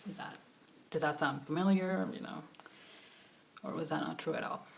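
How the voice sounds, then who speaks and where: Young female YouTuber, casual chat, hushed questions, animated rambling rants. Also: low-pitched, moderate pace, gravelly, a little hiss or hum. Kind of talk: casual vlog chat, taking a quiz.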